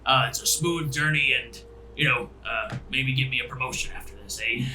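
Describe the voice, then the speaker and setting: A man plays a boisterous ship captain, loud and jovial as he addresses his passengers. The voice is bright and forceful. It sits a bit away from the mic, with faint noise in the background. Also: medium pitch, moderate pace, roomy sound, recorded from a distance, poor audio. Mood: addressing crowd.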